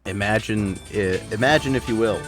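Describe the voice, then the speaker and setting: A man's voice: on the low side, moderate pace, soft background music. A young man giving casual, joking and self-mocking anime review commentary.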